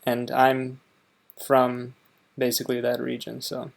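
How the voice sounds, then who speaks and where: Gravelly man from Wisconsin reacting. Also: medium pitch, monotone, measured pace. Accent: American Upper Midwest. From Wisconsin, USA. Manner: chatty, hesitant, stops the video to comment. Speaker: video reactor. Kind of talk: casual reaction commentary.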